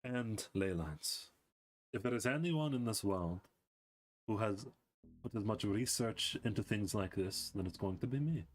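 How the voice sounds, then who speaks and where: Man playing a proud scholar mage, slow and measured. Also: lowish voice, lively intonation. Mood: self-assured. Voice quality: slow, measured and self-assured.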